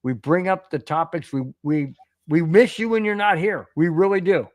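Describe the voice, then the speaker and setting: An earnest man with a fairly high voice speaks close to the mic in a dry, dead room. He talks casually and often repeats himself as he thanks his listeners. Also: moderate pace, no room sound. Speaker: podcast host. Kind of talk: casual live-stream chat.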